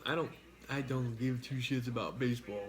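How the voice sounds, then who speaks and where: A man's voice: medium pitch, fairly even intonation, normal speed. A man with a mid-range voice chats over a meal on a stream, blunt and argumentative. He swears freely and argues his point without any polish. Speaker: mukbang streamer. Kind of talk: casual chat while eating.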